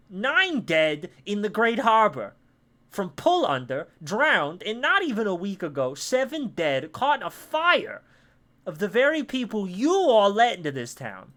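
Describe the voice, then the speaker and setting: A man's voice: sits high, huge pitch swings, measured pace, sharp tone, pitched above the performer's own voice, full character voice. A man voicing a defiant half-orc boy who talks in crude street slang. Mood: ranting.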